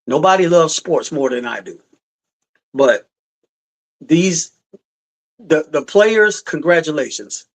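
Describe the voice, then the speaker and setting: A man's voice: fairly high pitch, expressive, slow pace, pauses often, rough recording. A middle-aged man hosting a live sports podcast, rambling and emphatic, repeating his points. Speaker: podcast host. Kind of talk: casual sports talk.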